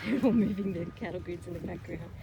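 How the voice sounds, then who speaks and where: A woman's voice: fairly low pitch, a little fast, over music, rough recording. A woman, a horse owner, chatting casually outdoors and talking to her horses. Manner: chatty, coos and scolds the horses. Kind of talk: casual chat to camera and to horses. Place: windy rural paddock outdoors. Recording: loud wind noise outdoors.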